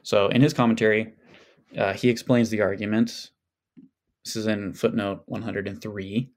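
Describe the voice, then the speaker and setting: A man's voice: fairly low pitch, little pitch movement, moderate pace. A man as a podcast guest, explaining things in a casual scholarly way with many fillers and hedges.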